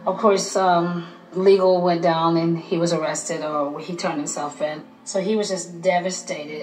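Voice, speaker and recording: A woman's voice: lowish voice, reverberant, poor audio. A woman, the mother, recounting in earnest during a documentary interview.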